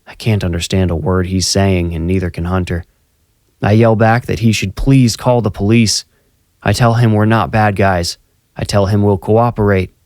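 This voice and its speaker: A man's voice: fairly low pitch, a little mellow, no echo, clean studio sound. A man narrating a first-person horror story in a tense, conversational storytelling manner.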